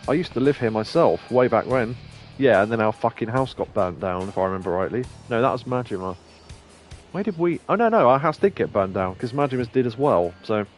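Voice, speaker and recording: A young man streaming a game, reading its dialogue aloud between rambling, chuckling asides. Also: mid-range voice. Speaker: let's play streamer. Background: faint game music.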